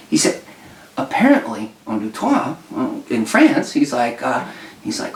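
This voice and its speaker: A man spins a rambling tall tale with a straight face, halting and restarting as he goes. He speaks at an ordinary pitch. The sound is roomy and picked up from some distance. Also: very animated. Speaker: podcast co-host. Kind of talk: casual chat.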